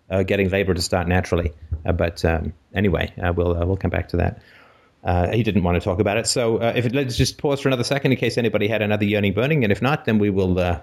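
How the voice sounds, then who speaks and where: Male host with a low voice, wry and chatty, loose casual delivery. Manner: wry, self-mocking, chatty with many fillers. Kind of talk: casual call-in chat.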